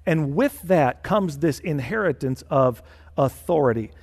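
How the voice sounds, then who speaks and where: A man's voice: on the high side, lively intonation, a little slow, a little mellow. Emphatic male pastor in a reverberant hall. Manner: emphatic, repeats phrases for stress. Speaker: senior pastor. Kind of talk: sermon. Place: church.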